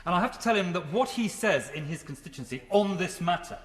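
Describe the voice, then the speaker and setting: A man's voice: high-pitched, expressive, brisk, a bit bright. A man making a teasing, jocular intervention in a parliamentary debate. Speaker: member of parliament. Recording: echoey chamber with long reverb.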